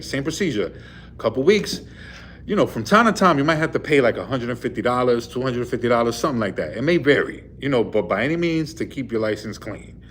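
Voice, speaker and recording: A man's voice: medium pitch, a little hiss or hum. A man, a truck driver, casually retelling a run-in with the police, rambling and full of fillers. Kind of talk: casual storytelling vlog. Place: in a vehicle.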